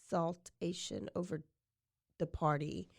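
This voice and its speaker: A woman's voice: deep voice, steady tone, measured pace, vocal fry, no room sound, clean studio sound. A woman hosting a podcast, casually retelling a true-crime case and saying "like" often. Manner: chatty, fills with "like" often. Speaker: podcast host.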